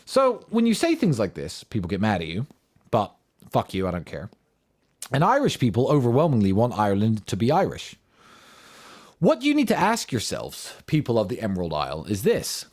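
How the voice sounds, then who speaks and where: A man's voice: fairly low pitch, wildly swooping pitch, moderate pace, a little mellow. A man giving an impassioned, combative monologue in answer to audience questions, firing off rhetorical questions and swearing for emphasis.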